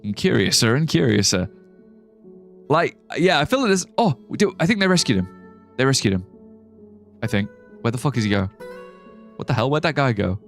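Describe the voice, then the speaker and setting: Man rambling through lively game commentary. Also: mid-range voice, brisk, long pauses, soft background music. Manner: rambling, profane, laughs at his own ideas. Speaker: streamer. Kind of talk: live gameplay commentary.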